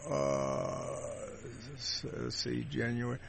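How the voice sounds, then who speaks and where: A man's voice: mid-range voice, little pitch movement, takes it slowly, vocal fry, slight background noise. An older man hosting a talk radio show, telling rambling anecdotes in a casual, friendly way with lots of fillers.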